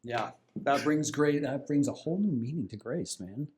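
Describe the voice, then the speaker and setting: A man hosting a casual interview, relaxed and reflective, often affirming his guest. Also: medium pitch, normal speed, a little hiss or hum. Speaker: podcast host.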